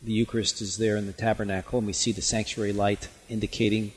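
A man who is a bishop, answering listener questions in a gentle, pastoral way on radio. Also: fairly low pitch, level tone, fast talker, husky. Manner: gentle, pastoral, explaining plainly. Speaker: bishop guest.

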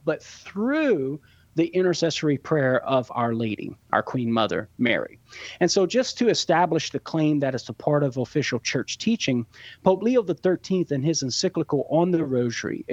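A man explaining church teaching on a radio call-in show, measured and teacherly, laying out points step by step. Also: fairly high pitch, no echo, dull audio. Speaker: guest Catholic apologist answering questions.

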